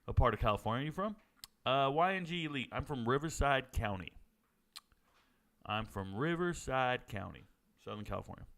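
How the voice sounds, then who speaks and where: A man from Georgia hosting a live sports watch party, chatting and joking with viewers and reacting loudly to plays. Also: mid-range voice, moderate pace. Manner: joking banter with chat, excited outbursts. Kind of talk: casual live-stream commentary.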